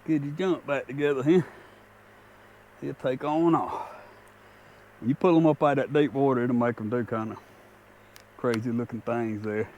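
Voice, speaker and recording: A man talking casually in a fishing vlog from a small boat, folksy and excitable with a laid-back drawl. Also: medium pitch, normal speed, long pauses, muffled recording, a little hiss or hum. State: out of breath at times. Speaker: fishing vlogger. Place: small jon boat on open water.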